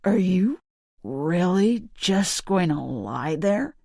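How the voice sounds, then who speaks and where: A woman voicing a cold, scornful young husband, crisp and dismissive as he drinks whiskey. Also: fairly low pitch, big pitch swings, takes it slowly, a little mellow, no room sound, clean studio sound, full character voice. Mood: contemptuous.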